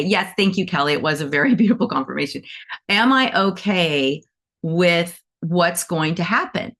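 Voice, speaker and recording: Chatty woman with a lowish voice. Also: moderate pace, a bit bright. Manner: chatty, storytelling, acts out voices in quotes. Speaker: animal Reiki teacher. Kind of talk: casual talk to students.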